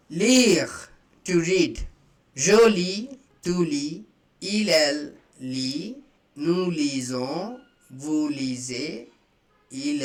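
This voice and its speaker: Slow, patient man teaching vocabulary. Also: fairly high pitch, bright, forceful tone. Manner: repeats each word slowly, then translates it. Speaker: French teacher. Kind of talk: slow beginner language lesson.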